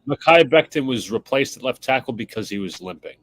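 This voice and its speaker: A man co-hosting a fan sports livestream, answering in a relaxed, offhand way. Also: medium pitch, a little fast. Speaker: co-host.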